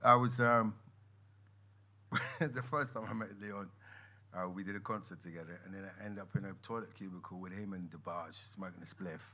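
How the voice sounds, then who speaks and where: A man as a guest on a live podcast, telling lively stories and laughing often. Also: deep voice, normal speed. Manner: animated storyteller, laughs often, lively swings in loudness. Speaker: guest musician and actor. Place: members' club room with a live audience.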